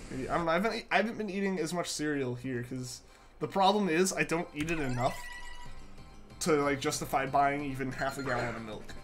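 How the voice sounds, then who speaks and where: Still stuffy from a sore throat he's getting over, the young live-stream host talks casually with his viewers as he games, often saying things twice. His voice is a little high with a fairly bright tone.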